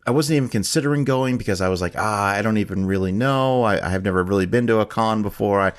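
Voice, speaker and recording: A male podcast host spins a long anecdote in relaxed chat, his voice sitting on the low side. He gets animated, pushing his pitch up to play the people he quotes. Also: fast talker. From Florida. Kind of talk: casual storytelling chat.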